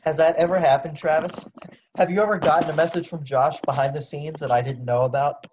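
A man with a fairly high voice cuts in with quick jokes as a podcast co-host. His audio sounds dull and muffled, with clear background noise. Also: steady tone. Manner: quick joking interjections. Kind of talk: casual chat.

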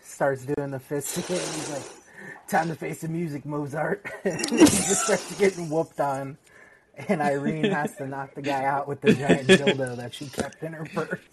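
A man's voice: on the high side, normal speed. Laughing man over crowd noise. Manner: laughing storyteller. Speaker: podcast guest. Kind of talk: casual chat.

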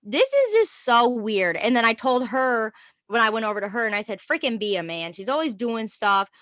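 A young woman chats with a friend and tells her stories with lively energy, acting out each quote. Her voice sits a bit high and sounds bright. The sound is close and dry. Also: normal speed, no echo. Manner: animated storyteller, acts out quotes, laughs often. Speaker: podcast co-host. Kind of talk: casual chat.

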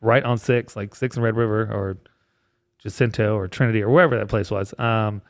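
A man's voice: lowish voice, steady tone, a little fast, no room sound, clean studio sound. Rambling man telling a bar story. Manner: rambling, laughs through his story. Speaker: comedian and bartender guest. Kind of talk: casual storytelling chat.

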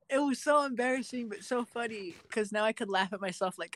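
A man's voice: sits high, a little fast, dry recording. Self-mocking young man, dry sound. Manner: self-mocking, animated storyteller. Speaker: co-host. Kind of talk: casual chat.

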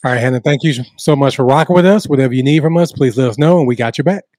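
A man co-hosts a sports interview show, moving things along quickly and upbeat. His voice sits at a middle pitch and sounds dry and close. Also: a little mellow, dry recording. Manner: brisk, upbeat show-running. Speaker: podcast co-host. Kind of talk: casual interview chat.

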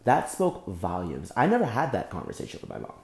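A young man hosting a solo podcast, speaking angrily and with deep emotion, often breaking off and repeating himself. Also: wildly swooping pitch, a little fast, reverberant. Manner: angry, emotional, repeats and restarts. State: emotionally shaken. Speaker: podcast host. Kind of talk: impassioned solo podcast monologue.

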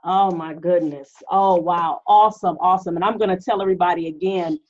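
A woman's voice: on the low side, steady tone, brisk, highs cut off. A woman hosting a podcast, enthusiastic and affirming, talking straight to her listeners in a casual chat. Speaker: podcast host.

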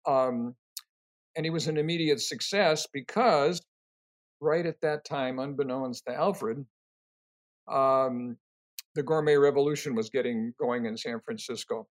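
An older man answering interview questions, telling rambling, animated stories full of fillers and restarts. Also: mid-range voice, unhurried. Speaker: interview guest, company co-founder.

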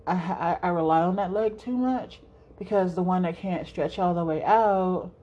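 A woman's voice: lowish voice, normal speed, dark tone, highs cut off. A young woman hosting a solo podcast, rambling casually, swearing freely and laughing often. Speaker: podcast host.

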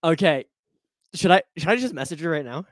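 A young man co-hosting a casual podcast, rambling and excitable, often trailing off mid-thought. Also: fairly high pitch, brisk, dry recording, studio quality. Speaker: podcast co-host. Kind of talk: casual chat.

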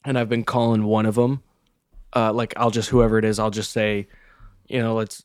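A man's voice: on the low side, flat delivery, moderate pace, clean tone, no room sound, studio quality. A young man hosting a podcast in casual chat, rambling and cutting himself off while he laughs through a story. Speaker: podcast host.

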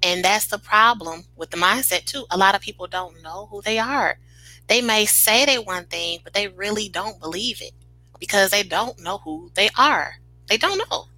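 A woman speaks in a casual chat with a mid-range, bright voice. She sounds reflective and builds on what the other speaker has said. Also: mid-range voice, normal speed, poor audio.

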